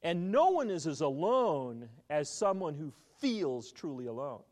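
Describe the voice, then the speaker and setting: Lively, animated man preaching a sermon. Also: a little high, measured pace. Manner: animated storytelling, quizzing the congregation. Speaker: pastor.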